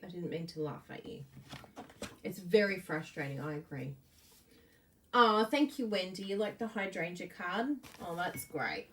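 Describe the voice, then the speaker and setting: A woman's voice: medium pitch, distant mic, noisy background. A bubbly woman leads a live card-making demo, her voice swooping up and down as she gushes over each piece. She talks unhurriedly and chats with viewers between steps. She sits a little back from the mic.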